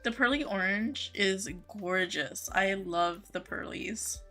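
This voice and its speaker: Woman, casual live-stream chatter, bright tone, quick easy laughs, fillers, soft music underneath. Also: mid-range voice. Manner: chatty, filler-heavy with frequent 'like' and 'um', easy laughs. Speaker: game streamer. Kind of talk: casual live-stream chat reading chat messages.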